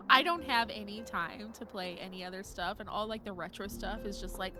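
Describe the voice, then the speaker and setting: Young female streamer, higher voice, gushing and giggly casual chat over loud game music. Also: normal speed. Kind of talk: casual gameplay chat reading chat.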